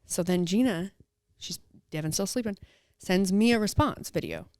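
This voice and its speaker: A woman co-hosting a podcast tells a funny story in a casual chat. Her voice is smooth and clear, recorded close and dry. She acts out the quotes as she goes. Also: mid-range voice, animated, moderate pace, a little mellow, no echo. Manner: says "dude" and "like" a lot. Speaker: podcast co-host.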